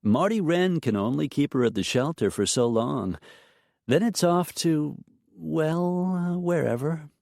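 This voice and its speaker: A man's voice: on the high side, lively intonation, measured pace, gravelly, darkish tone, no echo, studio quality, voice pushed up. A man voicing a breezy, confident young woman friend who talks in a light, teasing sing-song in an audiobook.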